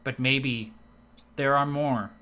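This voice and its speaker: A man's voice: medium pitch, takes it slowly. A man voicing a dull male dwarf bard who speaks with no inflection or weight to his words. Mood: droning. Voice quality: flat, no inflection, droning.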